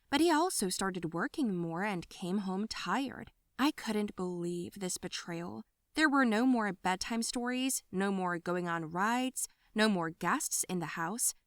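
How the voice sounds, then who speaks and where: A woman narrating an animated story in the first person, telling it in a confessional way from a close studio mic. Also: mid-range voice, dry recording.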